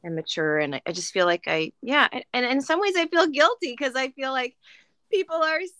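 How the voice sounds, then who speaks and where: A woman in her thirties talks candidly and thoughtfully, pausing with small fillers. Her voice is bright and smooth. The sound is dry and close. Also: high-pitched, expressive, dry recording. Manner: reflective, open, hesitant with fillers. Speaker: podcast co-host. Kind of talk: casual chat.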